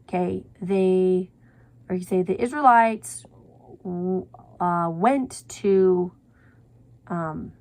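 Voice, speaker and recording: Slow, gravelly-voiced woman teaching writing. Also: on the low side, darkish tone. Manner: chatty, self-correcting, drops to a whisper for examples. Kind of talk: classroom writing lesson.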